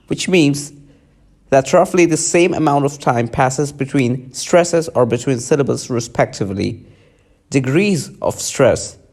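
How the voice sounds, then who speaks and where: A man's voice: medium pitch, a little mellow. A man teaching a lesson, reading lecture notes aloud and often stopping to restart clipped words.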